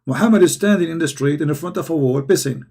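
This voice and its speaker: A hoarse man giving heated commentary in halting non-native English, firing rhetorical questions as he reads texts aloud. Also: a little high, darkish tone. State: hoarse, losing his voice. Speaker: online commentator. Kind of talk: polemical commentary while reading texts aloud.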